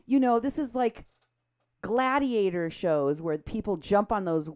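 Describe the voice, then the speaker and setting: A woman co-hosting a political talk show, animated and indignant, her voice jumping up when she is outraged. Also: mid-range voice, unhurried, clear, resonant tone. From Mexico. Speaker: co-host.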